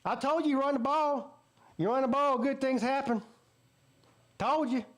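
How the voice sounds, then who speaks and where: A man's voice: extremely high pitch, normal speed, voice pushed up. A man with a Southern US accent imitating a gloating middle-aged football head coach who repeats himself insistently. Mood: smug. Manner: smug, insistent told-you-so repetition.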